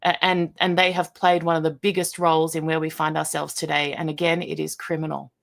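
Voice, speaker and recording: A woman's voice: low-pitched, little pitch movement, brisk, vocal fry, a bit bright. An Australian woman speaking as an interview guest, blunt and emphatic in her impassioned answers. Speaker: guest, broadcaster.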